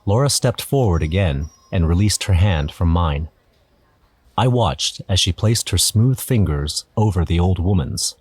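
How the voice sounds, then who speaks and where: A man's voice: low-pitched, lively intonation, unhurried, a little mellow. A man narrating an audio drama in first person, nervous and wry. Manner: nervous, wry inner monologue. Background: music.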